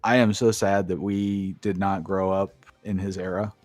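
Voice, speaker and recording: A man's voice: low-pitched, flat delivery, normal speed, a little mellow, dry recording. A man co-hosting a podcast, recapping wrestling matches in a casual, profane, enthusiastic play-by-play way. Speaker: podcast co-host.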